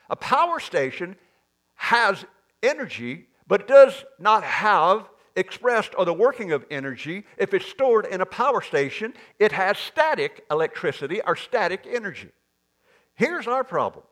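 A man preaching a sermon in church, animated, with sudden loud, higher bursts. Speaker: pastor.

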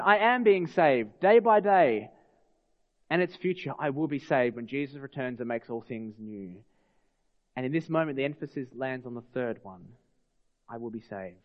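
A man preaching a sermon as pastor, earnest and putting rhetorical questions to his congregation. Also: mid-range voice. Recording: long hall reverb, dull lo-fi sound.

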